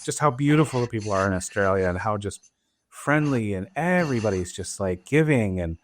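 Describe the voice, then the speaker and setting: A man's voice: lowish voice, expressive, a little hiss or hum. A man hosting a travel podcast, chatting casually and reacting with enthusiasm. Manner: enthusiastic, quick reactions and laughter. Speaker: podcast host. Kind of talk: casual chat.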